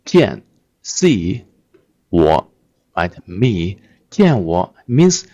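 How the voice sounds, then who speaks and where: A man's voice: fairly low pitch, big pitch swings, extremely slow, long pauses, a little mellow, lo-fi sound. A man teaching Chinese phrases in English, explaining a TV clip line by line, often repeating words and checking with "right?".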